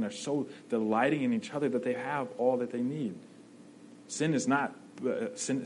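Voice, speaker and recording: A man's voice: lowish voice, darkish tone, a little hiss or hum, poor audio. A man preaching a sermon in a conversational way, often checking in with "right?" and restarting his phrases.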